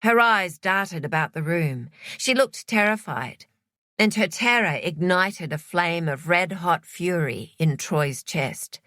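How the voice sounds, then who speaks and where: Woman narrator, low voice, slow and expressive reading of an audiobook. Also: dry recording, clean studio sound. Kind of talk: scripted narration.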